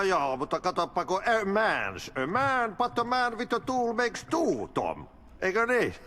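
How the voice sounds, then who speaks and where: An actor playing a cheerful, eccentric janitor with a Finnish accent who speaks in folksy proverbs in video game dialogue. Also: male voice, sits high, a bit bright, slight background noise, heavily acted. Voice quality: sing-song, chuckling, folksy sayings.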